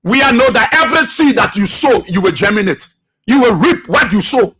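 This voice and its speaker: A Liberian man on a radio talk show hammers his targets with repeated accusing questions. His voice sits very high and cuts through with a sharp, bright edge, and a husky grain runs under it. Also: expressive, brisk. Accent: Liberian English. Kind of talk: political talk radio commentary. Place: radio studio.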